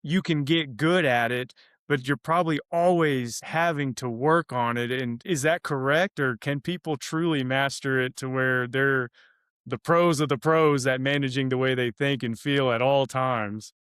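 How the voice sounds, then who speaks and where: A man's voice: mid-range voice, unhurried, a bit bright, clear, resonant tone, no room sound, clean studio sound. A male podcast host talking casually and enthusiastically, with frequent restarts as he builds his questions. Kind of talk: conversational interview.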